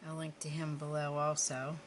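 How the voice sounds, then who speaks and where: A middle-aged woman talks in a low register. Her talk is chatty and rambling, with self-deprecating asides as she paints. A faint noise floor sits under her voice. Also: completely flat delivery, moderate pace. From Western Pennsylvania. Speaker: craft vlogger. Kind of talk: casual chat while painting.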